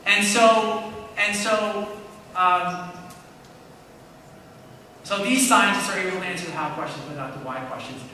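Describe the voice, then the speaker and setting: A man's voice: high voice, measured pace, long pauses, bright, forceful tone, a little hiss or hum. A man giving a conversational apologetics talk in a church, often checking in with his listeners. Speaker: Christian apologist speaker. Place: church hall. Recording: echoey hall from far off.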